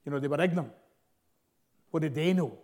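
A man delivers a sermon in a slightly high voice. He preaches earnestly and emphatically, rising and falling in force, often stalling on fillers and repeated words as he presses his point. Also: brisk, a little mellow. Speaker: pastor.

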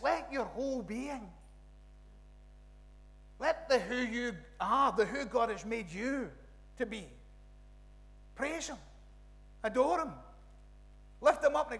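High-voiced Scottish preacher in a reverberant church. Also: male voice. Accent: West Coast Scottish. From Scotland. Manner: animated, rambling with restarts and "you know, right?" asides. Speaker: pastor. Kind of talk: conversational sermon.

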